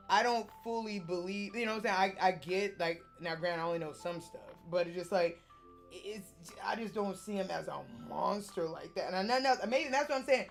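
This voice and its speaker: Animated young woman chatting casually. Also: mid-range voice. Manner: animated, rambling, slangy and profane. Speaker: vlogger. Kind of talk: casual chat.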